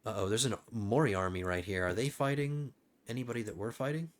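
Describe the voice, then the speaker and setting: Brisk and fairly low-pitched, a man's strained voice walks through his strategy game moves. He's a gaming channel host offering laid-back let's-play commentary, thinking out loud as he plays.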